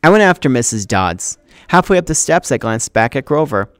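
A man's voice: mid-range voice, very animated, fairly quick, no echo, clean studio sound. A man teacher reading a novel aloud to his class, acting out the dialogue with expression.

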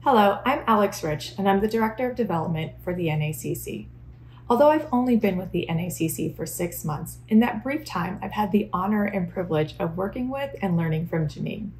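A woman's voice: mid-range voice, animated, a little fast, a little hiss or hum, low-quality recording. Polished woman giving a tribute. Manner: polished, warm-worded, formal. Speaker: director of development. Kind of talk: recorded tribute message.

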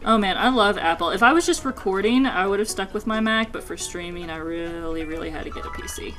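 A woman hosting a video game match, chatting casually with her guest, laughing easily and getting excited about the game. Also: mid-range voice, a little fast, soft background music, poor audio. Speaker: host of a game versus series. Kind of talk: casual chat while playing a video game.

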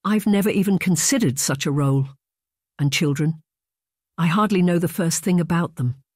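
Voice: mid-range voice, moderate pace, darkish tone, slightly rough, no room sound, lightly acted. An anxious young noblewoman on the run, hesitant and doubtful, as an audiobook reader puts her on. Her lines lift a little above the narration. The recording is dry and close.

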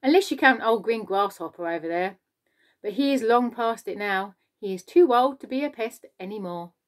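A woman's voice: on the high side, lively intonation, normal speed, close to an everyday voice. A woman voicing a boastful, cheeky male giant centipede in a children's storybook reading. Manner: loud, gleeful, boasting.

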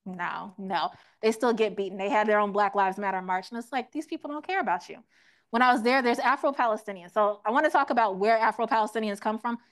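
A woman's voice: medium pitch, fast talker. Woman quizzing a teach-in crowd. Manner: asks the audience questions; acts out quoted voices. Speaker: teach-in speaker. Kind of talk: interactive classroom lecture.

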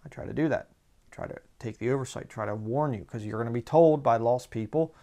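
A man preaching a sermon in a conversational way, slowing down to read scripture aloud. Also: medium pitch, vocal fry, dark tone.

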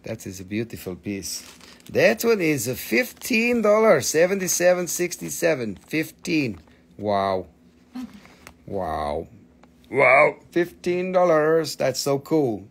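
A man hosting a live sales stream, talking with excited, animated patter as he shows and prices each item. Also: fairly high pitch, a little slow, gravelly, breathy edge.

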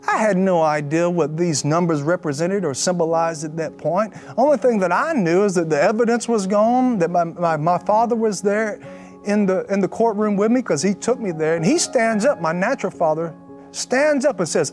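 A man with a notably high voice tells his faith testimony as a lively, animated story. He slips in sarcastic jokes and acts out the people he quotes. Soft music plays faintly behind him. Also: moderate pace. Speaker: person sharing a faith testimony.

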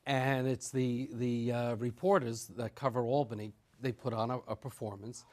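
A man's voice: mid-range voice, flat delivery, moderate pace, a little mellow. A middle-aged man from New York, a state official being interviewed on TV, friendly and chuckling as he explains with restarts.

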